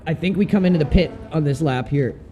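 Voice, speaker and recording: A man's voice: a little high, fast talker, mellow, slight background noise. Laid-back man streaming sim racing. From Canada. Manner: laid-back, chatty, swears casually. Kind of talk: casual live-stream commentary.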